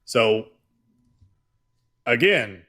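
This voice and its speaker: A man's voice: medium pitch, lively intonation, very slow, sharp tone. A man hosting a live political stream, talking casually and bluntly, swearing freely as he lays out his points. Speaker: host.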